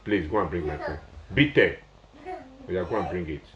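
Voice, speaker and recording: A man's voice: low voice, animated, moderate pace, dull audio, background noise. Pleading man with a Nigerian Pidgin accent. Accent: Nigerian Pidgin English. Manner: pleading, repetitive, rambling. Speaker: social media personality. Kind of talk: casual phone live video plea.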